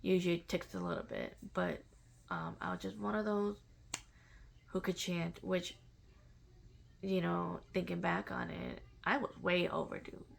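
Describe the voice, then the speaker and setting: Slow, gravelly-voiced woman telling a personal story. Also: fairly low pitch, animated, a little hiss or hum. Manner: halting and reflective, with many fillers and restarts. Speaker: vlogger sharing a personal spiritual story.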